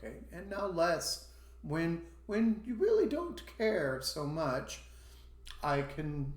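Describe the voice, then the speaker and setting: Slow, deliberate male teacher in an echoey room. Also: a little high, sing-song. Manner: slow, deliberate, repeats example phrases to model intonation. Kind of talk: recorded online language lesson.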